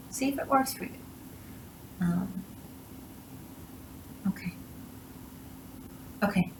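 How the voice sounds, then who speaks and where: A woman's voice: on the low side, roomy sound, a little hiss or hum, low-quality recording. A woman giving a tarot reading and handing out blunt, emphatic advice. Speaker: tarot reader.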